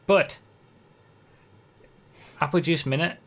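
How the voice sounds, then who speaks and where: A man hosting a casual podcast, running the segments in a relaxed way and laughing often. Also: a little high, slow, vocal fry.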